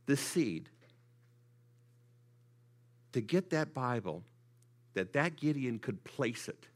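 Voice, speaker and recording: A man speaking to a congregation, telling stories in a sermon and often repeating words as he goes. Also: on the high side. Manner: repeats words when excited. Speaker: church speaker for the Gideons. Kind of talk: sermon with storytelling.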